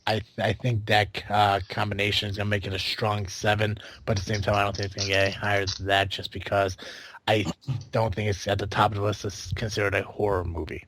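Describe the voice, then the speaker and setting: A man's voice: fairly low pitch, level tone, brisk, a bit bright. A man hosting a podcast in casual chat, rambling with fillers, swearing and laughing often. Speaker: podcast host.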